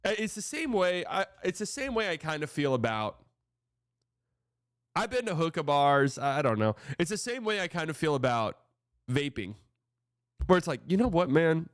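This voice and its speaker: A man's voice: on the high side, sing-song, normal speed, pauses often, dry recording, studio quality. A man hosting a casual sports reaction show, talking in a loose, profane, rambling way.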